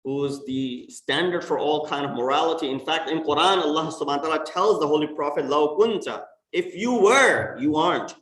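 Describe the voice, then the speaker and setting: A man preaches in a fairly high voice, stressing his points with sharp rises and drops. He is heard from a distance in a roomy, echoing mosque hall. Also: fast, few pauses. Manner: emphatic, rising and falling for stress. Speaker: imam. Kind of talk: sermon. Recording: echoey mosque hall from far off.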